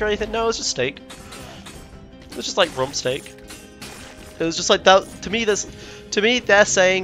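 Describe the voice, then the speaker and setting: A young man rambles through a casual travel vlog, often stopping to correct himself and grumble. His voice sits a bit high with a bright, forward tone. Faint music plays softly behind him. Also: expressive, a little fast, long pauses. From Britain. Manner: rambling, self-correcting, indignant asides. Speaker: vlogger.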